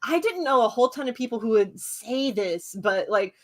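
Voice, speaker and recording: A woman's voice: on the high side, lively intonation, moderate pace. Easygoing woman who laughs often. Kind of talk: casual livestream chat.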